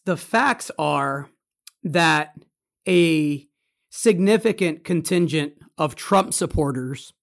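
Podcast host guy, early 40s, gravelly creaky voice, a bit higher pitched, leans hard on his words. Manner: emphatic, deliberate delivery. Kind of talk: casual podcast chat.

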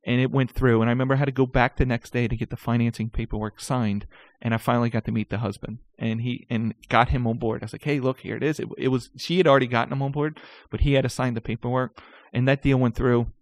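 A man's voice: mid-range voice, quick pace, few pauses, dry recording. Guy telling sales war stories, keeps tripping over his words, dry close sound. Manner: animated, stammering restarts. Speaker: guest recounting sales career. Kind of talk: casual storytelling.

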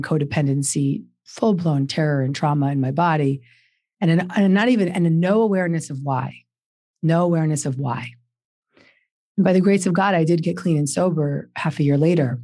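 A woman's voice: deep voice, warm tone, no echo, clean studio sound. A woman in her forties, a guest author on a podcast, telling her personal story earnestly with emphatic repeated questions.

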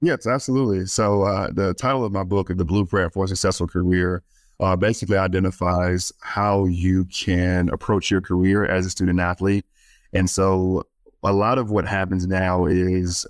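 A man's voice: low voice, dry recording. A man being interviewed as a guest on a podcast. He works with student athletes and speaks earnestly in a storytelling way, with frequent fillers and restarts.

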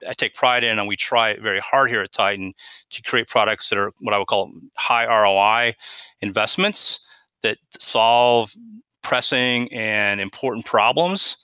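A middle-aged man, a company's chief product officer, answering interview questions in a measured, explanatory way and often restarting phrases. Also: lowish voice, bright, forceful tone, clear, resonant tone, no echo.

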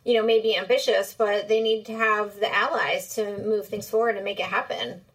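A woman's voice: mid-range voice, steady tone, normal speed, fairly bright tone. A woman hosting a casual interview, talking conversationally and asking follow-up questions. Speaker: podcast host.

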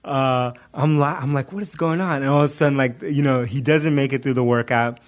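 A middle-aged man telling a story in casual chat, animated and laughing often, with many fillers and restarts. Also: mid-range voice, fairly quick.

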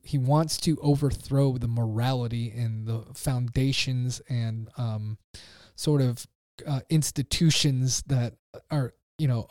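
A man, a pastor, talking casually on a podcast in a halting way with lots of fillers. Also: mid-range voice, darkish tone, no echo, clean studio sound. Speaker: pastor and podcast guest author.

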